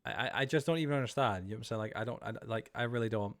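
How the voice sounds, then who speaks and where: Talking rapid-fire in a medium-pitched voice, a man streams live and rambles casually to viewers during his game. He's easily startled.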